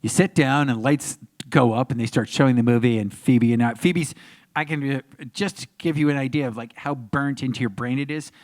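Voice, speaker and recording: A man guesting on a convention panel, telling a story with lively acted-out crowd voices. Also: normal speed. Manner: acts out crowds and voices, big pitch jumps. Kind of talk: animated storytelling.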